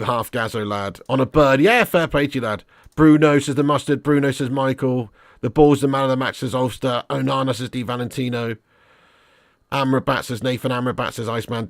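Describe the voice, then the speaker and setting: A man hosting a live football watch-along, excitable and sweary, reading out fan messages and calling listeners lad and mate. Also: mid-range voice, no room sound, studio quality.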